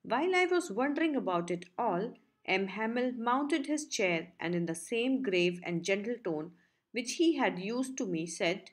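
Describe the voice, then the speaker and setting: A woman narrating a textbook story as an audiobook, in a steady, clear reading. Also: medium pitch, a little slow.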